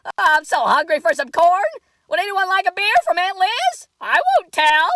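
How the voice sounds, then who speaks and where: A woman's voice: very high-pitched, moderate pace, a bit bright, dry recording, studio quality. A woman doing a comedy sketch impression of a folksy, overly chummy female politician.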